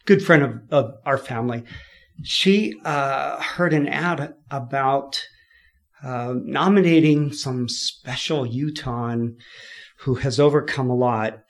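A man from California, a podcast guest, telling his story in a lively way, laughing often and acting out what people said. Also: mid-range voice, slow. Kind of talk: storytelling in an interview.

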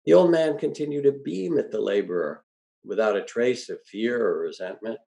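A man reading a first-person story aloud in a calm, measured way. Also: mid-range voice, creaky, poor audio.

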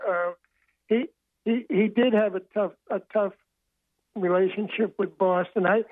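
A man's voice: high voice, dry recording. Older man telling stories over a phone line. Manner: rambling anecdotal storyteller, frequent restarts. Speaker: author and interview guest. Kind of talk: phone-in radio interview storytelling. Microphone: telephone.

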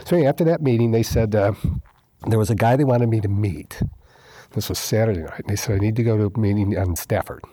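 Husky, mellow-voiced man telling his story. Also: on the low side, fast, no room sound. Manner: animated retelling, acts out quoted dialogue, repeats himself for emphasis. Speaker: guest sharing his recovery story. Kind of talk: casual storytelling interview.

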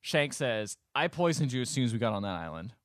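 A man's voice: medium pitch, sing-song, a little fast, fairly bright tone, dry recording, clean studio sound. A man co-hosting a podcast, retelling a movie's plot in a sarcastic, exasperated way with casual swearing. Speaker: podcast co-host recapping a movie. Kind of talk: casual chat.

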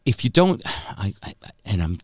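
A man hosting a podcast in casual chat, telling stories in an animated way and slipping into mock voices. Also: lowish voice, moderate pace, no room sound, studio quality. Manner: chatty, animated storytelling, slips into mock voices. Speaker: podcast host.

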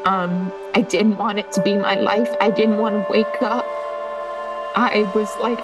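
A young woman is crying as she recounts a painful experience, her words halting and full of restarts. She speaks slowly, with a steady middle pitch. Loud music plays beneath her voice. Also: rough recording. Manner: tearful, halting, many ums and restarts. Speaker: interview guest telling her story. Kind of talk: emotional personal account.

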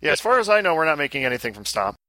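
A man's voice: fairly high pitch, very animated, rapid-fire, pushed and bright, no echo. A man co-hosting a podcast, teasing his co-host in upbeat casual chat.

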